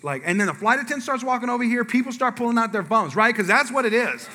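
A man's voice: extremely high pitch, fast talker, few pauses, big-room sound, slight background noise. A man preaching as a pastor, telling a humorous personal story to his congregation, acting out what people said and asking the audience questions. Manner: animated storyteller, acts out quotes, asks audience.

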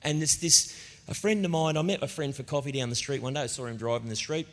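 A middle-aged man preaching a sermon as a pastor, telling stories in an animated, conversational way. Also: mid-range voice, fast talker. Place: church auditorium. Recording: long reverb of a church hall.

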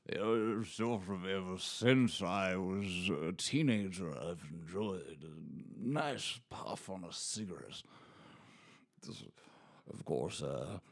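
A man with a husky voice that swings widely in pitch chats off-script in a recording studio. He sounds tired and punchy, and he keeps slipping into mock-British pub talk. He talks at an unhurried, drawn-out pace. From Washington State, USA. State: punchy and tired after a long day. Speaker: audiobook reader. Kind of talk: rambling off-script chat.

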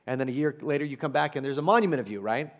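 A man's voice: medium pitch, rapid-fire. A pastor preaching a sermon to his congregation, conversational and emphatic, with asides and humor.

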